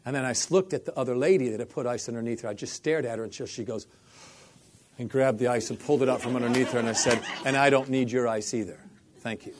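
Middle-aged man, storyteller, acts out every line of dialogue, mid-pitched voice. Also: fast, slight background noise. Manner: animated storyteller, acts out quoted dialogue, repeats "I said". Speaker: faith healing minister telling a story. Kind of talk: storytelling interview.

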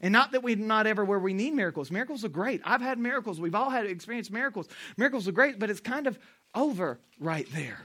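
A man preaching with a high, sharp, bright voice. He talks to the congregation in a loose, storytelling way, tossing out questions for them to answer back. His sermon feels like friendly conversation. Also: lively intonation, fast. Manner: call-and-response with the congregation; conversational, storytelling, with asides to the audience. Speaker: pastor.

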